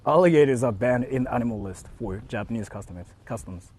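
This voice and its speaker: A man's voice: mid-range voice, brisk, a little mellow, husky. A young man walking around outdoors and chatting loosely with his live-stream viewers, filling his talk with "like" and restarts. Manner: loose, rambling, heavy on "like" fillers.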